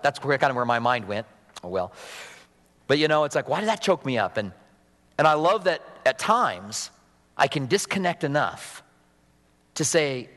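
A man preaching a sermon as pastor, animated and fervent, dropping to soft intimate moments. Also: a little high, big-room sound.

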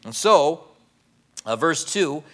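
A middle-aged man pastor teaching a sermon in a conversational, animated way, with some fillers. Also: on the high side, slow pace.

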